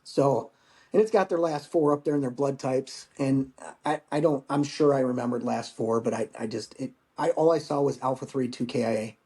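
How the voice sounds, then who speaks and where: Podcast guest, man in his 40s, veteran recounting combat loss, halting and raw, blunt language. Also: medium pitch, mellow. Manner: halting, emotional storytelling with profanity. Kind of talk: personal war story in conversation.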